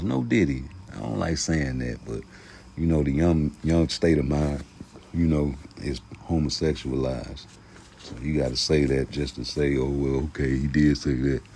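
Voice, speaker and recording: A man hosting a casual boxing vlog, talking passionately in heavy street slang and profanity, jumping from loud outbursts to mumbled asides. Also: very deep voice, a little hiss or hum. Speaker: YouTube boxing commentator.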